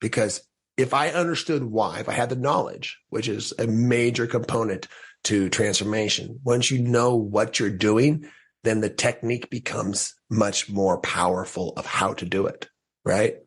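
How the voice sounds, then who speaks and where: A man with a low-pitched, husky voice recounts a personal story as a podcast guest. He talks animatedly and acts out his own past thoughts, stumbling through restarts and breaking into short laughs. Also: unhurried.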